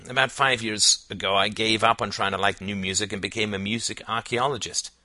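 A man's voice: lowish voice, steady tone, brisk, bright, forceful tone, no room sound, pitched above the performer's own voice. A man voicing a middle-aged father in an audiobook, fatherly and lecturing. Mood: explaining. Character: middle-aged father, music lover, stern. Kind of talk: audiobook character voice.

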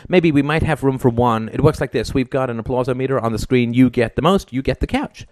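A man reading an audiobook and voicing a glib, fast-talking male TV producer with cynical sales patter. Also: medium pitch, a little mellow, no room sound, clean studio sound, pitched above the performer's own voice, close to an everyday voice. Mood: brash.

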